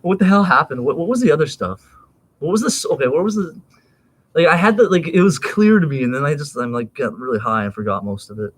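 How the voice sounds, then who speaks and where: A man's voice: a little high, expressive, quick pace, slightly rough. A man in his thirties rambling in a casual, profane monologue, laughing and jumping between topics.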